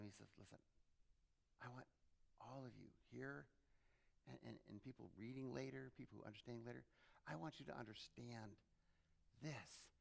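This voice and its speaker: A man preaching with a gravelly, fry-edged voice at an ordinary pitch. He moves between quiet, reflective passages and sudden loud, high outbursts when he acts out the people he quotes. The delivery is an animated sermon. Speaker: pastor.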